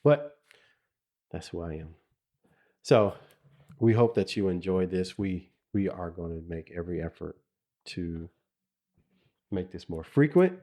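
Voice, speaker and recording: A man's voice: low voice, expressive, a little slow, long pauses, warm tone. A middle-aged man co-hosting a podcast, talking casually and reflectively, with frequent restarts and laughter. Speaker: podcast co-host.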